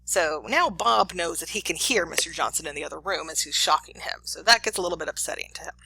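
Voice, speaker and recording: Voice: medium pitch, animated, fast talker, vocal fry, bright, forceful tone, slightly rough, no echo, poor audio. A professor giving a casual classroom lecture, chatty and full of fillers and acted quotes.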